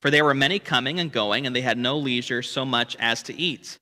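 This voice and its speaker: A man's voice: mid-range voice, brisk, bright, forceful tone, big-room sound. A man leading a church Bible study lesson, explaining the text and asking rhetorical questions with frequent "right?". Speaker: Bible teacher.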